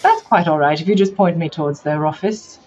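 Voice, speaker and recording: A woman's voice: fairly low pitch, fairly quick, darkish tone, slight background noise, close to an everyday voice. Woman doing a prim, pompous British lady. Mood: insistent. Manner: genteel, condescending, calls people dear and children. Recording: dull lo-fi recording.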